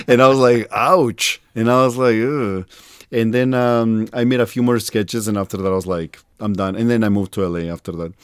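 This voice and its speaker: A man hosting a podcast, telling animated anecdotes and laughing at himself in casual conversation. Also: mid-range voice, fairly quick, clean tone, dry recording, clean studio sound. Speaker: podcast host.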